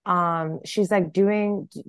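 A young woman with a fairly low voice co-hosts a podcast in casual chat. She is blunt and profane and laughs a lot. It is recorded dry and close. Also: fairly even intonation, slow pace, clear, resonant tone, no room sound. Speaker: podcast co-host.

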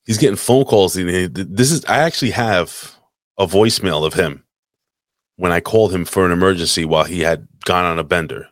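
A man's voice: low-pitched, a little fast, no echo, clean studio sound. A man hosting a live podcast, telling a long rambling story in casual, crude chat with lots of swearing. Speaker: podcast host. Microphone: desk mic, live stream.

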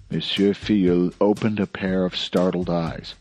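A man narrating an audiobook in a steady, measured storytelling manner. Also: low voice, soft background music. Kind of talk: scripted narration.

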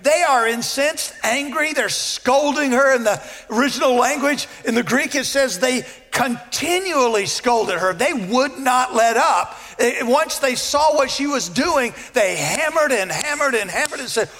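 Male preacher, very high voice, earnest sermon, emphatic repeats, long hall reverb. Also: animated, a little slow, hardly any pauses, a bit bright. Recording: long echo of a large hall.

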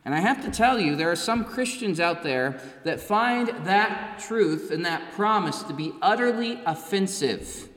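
A man's voice: high-pitched, lively intonation, a little slow, hardly any pauses, a bit bright. A man preaching an earnest sermon as pastor, stressing his points through repetition in a church. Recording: echoey church with long reverb.

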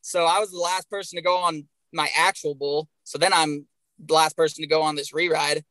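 A young man tells his stories with real energy, swearing all the way through. His voice sits a bit high and sounds bright and sharp. The recording is dry and close. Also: a little fast, no echo, rough recording. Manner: animated, swears constantly. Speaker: guest, pro bull rider. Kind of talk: profane storytelling on a podcast.

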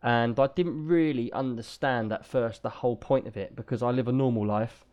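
Male co-host, chatty storyteller, mid-pitched everyday voice, casual banter. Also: moderate pace, muffled recording, noisy background. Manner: chatty, animated anecdote telling. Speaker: podcast co-host.

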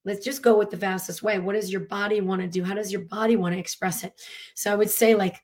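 A woman speaking as a coach in a casual teaching talk about emotions. She is animated and earnest, laughing often, using many fillers, and breathing and sighing audibly to demonstrate. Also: medium pitch, fast.

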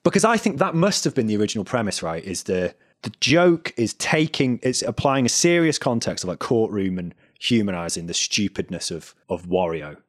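A man co-hosting a podcast, giving blunt, halting critique in casual chat. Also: on the low side, very animated, dry recording, studio quality. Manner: blunt, hesitant restarts, sweary critique. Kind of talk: casual conversational commentary.

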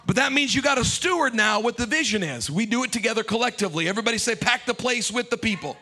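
A man preaching a sermon as pastor, passionate and loud, leading the congregation in call-and-response. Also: very high voice, animated, quick pace, slight background noise.

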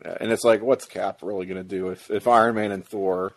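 A man's voice: fairly low pitch, fairly even intonation, a little fast. A man co-hosting a movie commentary, giving wry, opinionated takes and restarting his sentences as he goes. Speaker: co-host of a movie watch-along commentary. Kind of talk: casual chat.

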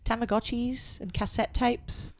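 A woman's voice: a little high, fairly even intonation, a little slow. A woman, a schoolteacher, chatting casually as a podcast co-host and laughing often. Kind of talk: casual chat.

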